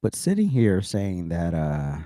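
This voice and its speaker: Male host, blunt and profane, mellow tone, dry close sound. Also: deep voice, huge pitch swings, a little slow, no echo. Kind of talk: angry commentary on news clips.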